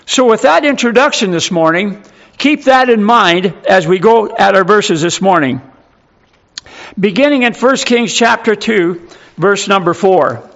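A man's voice: high-pitched, lively intonation, unhurried, creaky, fairly bright tone, lo-fi sound. A male pastor preaching a sermon, emphatic and full of rhetorical questions.

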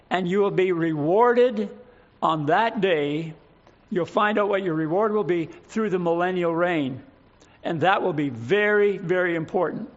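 A male pastor delivers a sermon in a high voice, praying and reading scripture in a deliberate, measured way. The recording sounds a little muffled. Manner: prayerful, measured, reading scripture in King James wording.

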